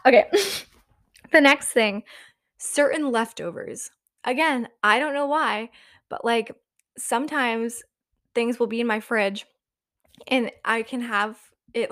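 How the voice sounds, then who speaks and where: A woman's voice: fairly high pitch, fairly bright tone, no echo. Young woman rambling at home, lots of "like"s, dry close mic. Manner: rambling, many "like" fillers, laughs often. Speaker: vlogger. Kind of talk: casual confessional chat.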